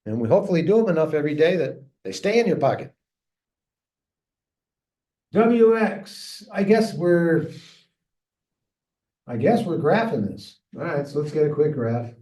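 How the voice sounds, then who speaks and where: A male math teacher works through problems aloud in a recorded lesson, chatty and talking to himself as he solves. His voice sits on the high side, warm and lively in intonation, at a brisk pace; the room is echoey and the mic far off.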